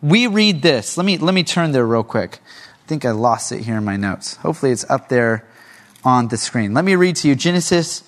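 A man's voice: mid-range voice, big pitch swings, a little fast. A male pastor preaching a sermon in a conversational way, asking many rhetorical questions.

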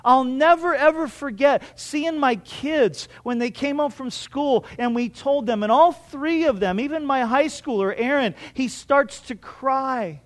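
A middle-aged male pastor preaching a sermon, telling a personal story earnestly and swinging between loud and hushed. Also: very high-pitched, measured pace, few pauses. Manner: earnest storytelling with restarts and strong swings in loudness.

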